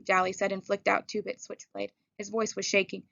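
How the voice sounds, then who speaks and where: A woman narrates a novel in first person with a steady, measured delivery. Her mid-pitched voice has a slightly gravelly texture. The recording is dry and a little dull in tone. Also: no echo. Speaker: audiobook reader.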